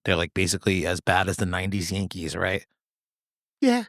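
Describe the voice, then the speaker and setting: A man's voice: steady tone, fairly quick, fairly bright tone, dry recording, clean studio sound. A man in his thirties hosting a podcast, chatting casually in a rambling, profane, jokey way. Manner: rambling, profane, jokey storytelling with sudden high-pitched quoted voices. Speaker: podcast host. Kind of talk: casual solo chat.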